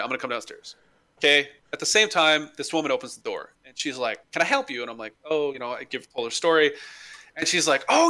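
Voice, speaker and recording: A man's voice: medium pitch, pushed and bright. A young man in casual chat, animatedly telling a comic story, acting out the quotes and swearing freely.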